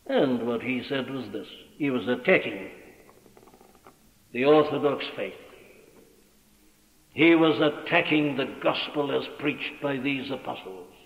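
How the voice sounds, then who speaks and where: A man's voice: mid-range voice, expressive, measured pace, pauses often. A man preaching a sermon in an emphatic, declamatory way, quoting scripture at length. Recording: tinny, echoey old church hall recording.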